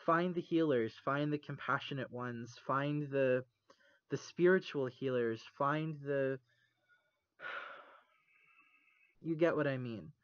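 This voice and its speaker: A man's voice: medium pitch, dry recording. Earnest man on a muffled call. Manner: earnest, halting, near tears. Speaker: podcast co-host. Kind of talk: casual chat. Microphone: internet call. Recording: muffled dry call recording.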